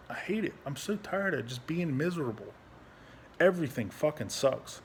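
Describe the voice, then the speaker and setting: A young adult man, a veteran, talking candidly at home into his phone, frustrated and halting, swearing a lot and restarting his sentences. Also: fairly high pitch, animated, slight background noise. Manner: frustrated, rambling, heavy swearing. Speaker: veteran vlogger. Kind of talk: candid personal vlog.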